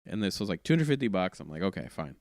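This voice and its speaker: A man's voice: deep voice, big pitch swings, quick pace, vocal fry, a little mellow, dry recording, clean studio sound. A man, a comedian guest on a podcast, telling a long anecdote in a casual, rambling way, often correcting himself and laughing mid-story.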